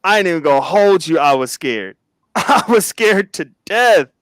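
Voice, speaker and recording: A man's voice: high-pitched, lively intonation, moderate pace, dry recording. A man hosting a reaction commentary, talking dramatically with lots of exclamations. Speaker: host.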